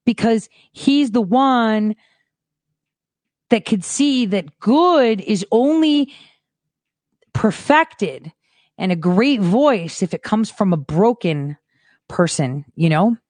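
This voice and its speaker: A woman host delivering a frustrated ranting monologue, blunt and swearing freely, swinging between hushed mutters and loud boasts. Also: medium pitch, lively intonation, takes it slowly, pauses often, no room sound.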